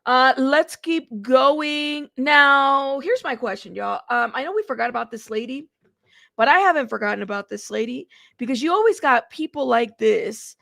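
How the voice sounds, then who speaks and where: A woman hosting a casual reaction commentary, chatty and animated, talking straight to her viewers and laughing often. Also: high voice, moderate pace, creaky, no room sound, clean studio sound. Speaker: host of a commentary channel.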